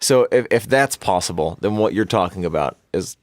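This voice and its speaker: A man co-hosting a podcast, talking in a rambling, halting way with many restarts and some swearing. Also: low-pitched, animated, no echo, clean studio sound. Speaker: podcast co-host. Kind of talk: casual chat.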